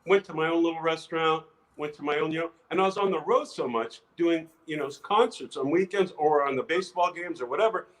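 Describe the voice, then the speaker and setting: An older man, an actor guest, telling lively anecdotes in a casual interview, restarting phrases often. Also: fairly high pitch, a little fast, rough recording. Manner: animated anecdotes with many restarts.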